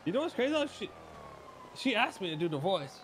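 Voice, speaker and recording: A man's voice: high-pitched, big pitch swings, fairly quick, a bit bright, a little hiss or hum. A man doing casual in-character game roleplay, teasing and mock-serious. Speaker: roleplay player.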